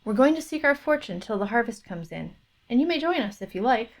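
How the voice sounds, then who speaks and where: A woman's voice: on the high side, big pitch swings, a little fast, voice pushed up. A woman reading an eager young country lad. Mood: cheerful.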